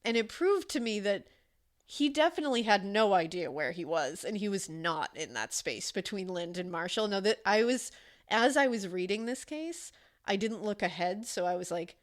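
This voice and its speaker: A woman co-hosting a casual true-crime podcast, telling the case in an animated way, acting out quotes and swearing casually. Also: medium pitch, normal speed.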